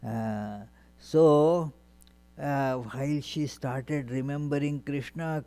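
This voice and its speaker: A man, a monk, giving a spiritual lecture and retelling scripture stories in an unhurried way, with frequent hesitations. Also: mid-range voice, warm tone.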